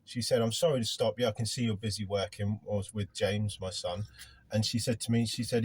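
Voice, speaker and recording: A middle-aged man, a gardener hosting a casual vlog chat in a van, loud and rambling. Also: on the low side, steady tone, fairly quick, breathy edge. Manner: loud, chatty, rambling, self-deprecating. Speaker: gardening business owner, vlog host. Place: inside a van.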